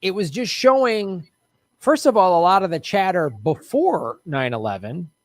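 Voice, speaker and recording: A man's voice: high-pitched, big pitch swings, normal speed, no room sound, studio quality. A man co-hosting a casual political comedy chat, playful and chatty, often laughing. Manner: playful, laughing, slips into joke accents. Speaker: co-host.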